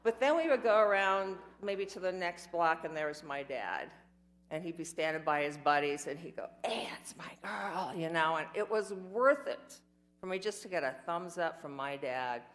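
A woman's voice: low voice, animated, normal speed, a bit bright. An older woman telling her life story in a candid, rambling way, with self-mocking asides. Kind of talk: personal storytelling talk.

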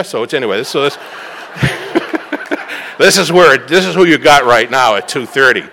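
A man's voice: mid-range voice, animated, measured pace, vocal fry, pauses often, pushed and bright, big-room sound, slight background noise. A middle-aged man from the Boston area giving a rambling, self-mocking personal talk at a recovery meeting.

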